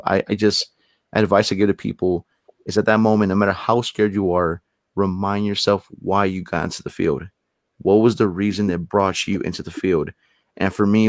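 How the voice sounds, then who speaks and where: A man's voice: deep voice, no room sound. A man talking as a paranormal investigator guest, telling a long story in a casual, rambling way and often repeating words as he builds it up.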